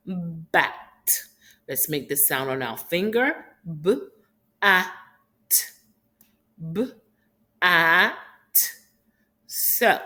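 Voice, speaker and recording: Fairly low in pitch and a bit bright, this woman from Haiti teaches rhyming sounds to young children. Her phonics lesson has an encouraging, sing-song teacher style.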